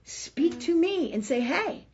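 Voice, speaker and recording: A woman hosting a casual spiritual talk show, animated and profane, who keeps asking "right?" as she talks. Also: very high-pitched, slow, lo-fi sound. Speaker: host.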